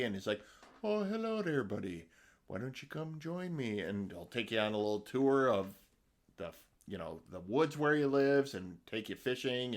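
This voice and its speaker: A middle-aged man co-hosting a podcast, chatting casually and rambling with many ums and restarts. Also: medium pitch. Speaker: podcast co-host. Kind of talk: casual chat.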